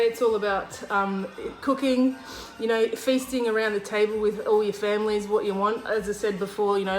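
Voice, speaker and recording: Australian woman, cooking host, chatty storyteller, roomy kitchen sound with faint music. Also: mid-range voice. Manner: chatty, lots of fillers, acts out quoted lines. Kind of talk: casual storytelling while cooking.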